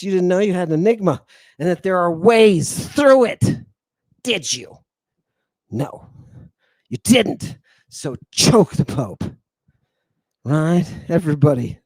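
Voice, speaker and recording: Theatrical man lecturing, high voice, slow. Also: lively intonation, darkish tone, no room sound. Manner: theatrical, sighing, swings from booming to muttered asides. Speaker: host. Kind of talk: animated lecture to an online audience.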